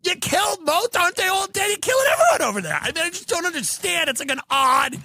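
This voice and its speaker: Ranting, incredulous man with lively pitch. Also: quick pace, no room sound. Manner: incredulous, ranting, mocks others in put-on voices. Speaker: podcast host. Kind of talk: comedic rant.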